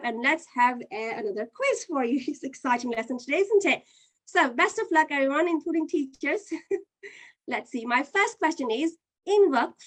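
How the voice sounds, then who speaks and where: A woman teaching an online Qur'an reading lesson, patiently explaining step by step and running a quiz. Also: high-pitched.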